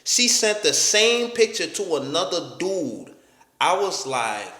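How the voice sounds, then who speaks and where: A young man with a bright, slightly high voice tells a story in loose slang, tripping over his words now and then. He slips into voices for the people in it. The recording sounds like a bare room, with a long echo trailing each line. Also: sing-song, takes it slowly. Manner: slangy, stammering, acts out quoted voices. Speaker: storytime vlogger. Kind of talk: casual storytelling. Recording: echoey room with long reverb.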